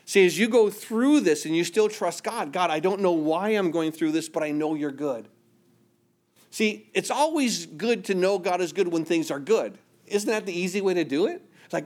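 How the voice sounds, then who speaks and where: Higher-voiced man preaching a sermon. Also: sing-song, normal speed. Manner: earnest preaching, voice dropping soft in quoted prayers. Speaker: pastor.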